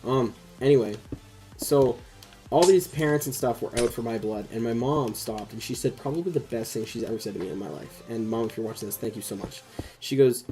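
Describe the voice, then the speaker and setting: A man's voice: medium pitch, fairly quick, warm tone, soft background music, rough recording. A young man hosting a casual chat, telling a rambling personal story full of swearing and fillers. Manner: rambling, swears a lot, heavy use of "like". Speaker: host.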